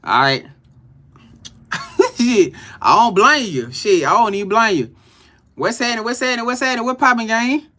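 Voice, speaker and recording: A man's voice: extremely high pitch, animated, normal speed, pauses often, bright, forceful tone. A man doing a casual live-stream tarot reading, greeting viewers and laughing often. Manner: loose, slangy, greets chat viewers by name, laughs often.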